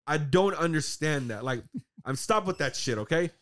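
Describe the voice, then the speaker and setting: A man's voice: fairly high pitch, moderate pace. Ranting man, casual and fired up. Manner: animated ranting, heavy use of "like" and swearing. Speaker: podcast co-host. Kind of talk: casual chat.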